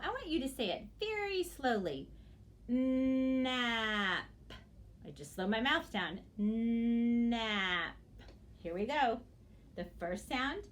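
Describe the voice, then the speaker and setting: A woman teacher giving a phonics lesson to young children, sounding out words slowly and praising often. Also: mid-range voice, a bit bright. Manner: slow, exaggerated sounding-out of words; encouraging praise.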